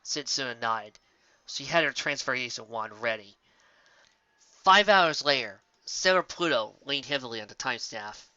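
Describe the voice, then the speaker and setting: Man reading fan fiction, bright and dry. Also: medium pitch, animated, normal speed, no echo. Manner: plain reading with slips and restarts. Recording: dull lo-fi recording.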